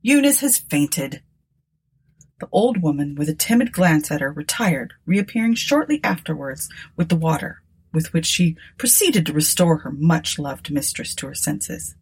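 Husky expressive woman narrator. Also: sits low, moderate pace. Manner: expressive, dramatic reading. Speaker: audiobook narrator. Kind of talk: scripted narration of a gothic story.

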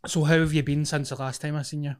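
A man's voice: a little high, flat delivery, fast, clean tone. A Glaswegian man co-hosting a podcast, chatting casually while he has a cold. He swears a lot and jokes around. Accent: Glaswegian Scottish. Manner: sweary, jokey, puts on voices for quoted people. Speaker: podcast co-host. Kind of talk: casual chat.

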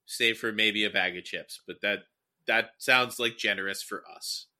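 A young man in his twenties chatting casually, loose and profane, and excitable when telling a story. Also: on the low side, moderate pace. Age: young adult.

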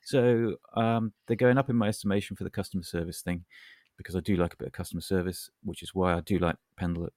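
A man's voice: deep voice, fairly even intonation, fast, a little mellow, dry recording, clean studio sound. A man co-hosting a casual podcast chat, talking in a wry, rambling, self-deprecating way. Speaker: podcast co-host.

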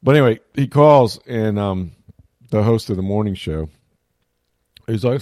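Middle-aged guy on sports talk, low voice, rambly and casual, dry close mic. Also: measured pace, long pauses, a little mellow, no echo. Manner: rambling, self-interrupting storyteller. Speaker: sports talk show host. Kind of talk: casual chat.

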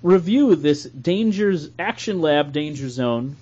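A man's voice: on the high side, lively intonation, slow pace, warm tone, husky, dull audio. A man hosting a podcast, bantering loosely and laughing with friends. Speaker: podcast host. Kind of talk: casual podcast chat.

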